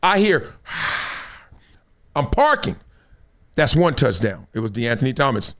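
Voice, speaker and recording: A man's voice: mid-range voice, big pitch swings, slow pace, fairly bright tone. A middle-aged man with a Los Angeles accent hosting a live show, telling a casual story and acting out the scenes and quotes. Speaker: show host.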